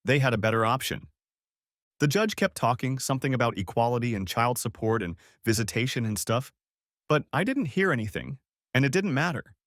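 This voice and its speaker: A man reading a first-person audiobook story in an expressive, dramatic way on a close studio mic. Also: medium pitch, no room sound. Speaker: audiobook narrator.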